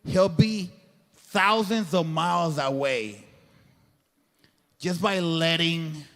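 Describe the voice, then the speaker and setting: His pitch is fairly high and his tone fairly bright as he addresses a live crowd as a guest speaker. The motivational faith talk is earnest and preacher-like, peppered with colloquial expressions, in an event hall captured with long reverb.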